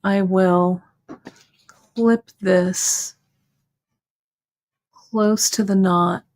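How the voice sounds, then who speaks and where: Slow, patient woman teaching a craft. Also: medium pitch, fairly even intonation, a little mellow. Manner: patient, step-by-step, checks in with "okay?". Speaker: host demonstrating bead embroidery. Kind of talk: live craft tutorial.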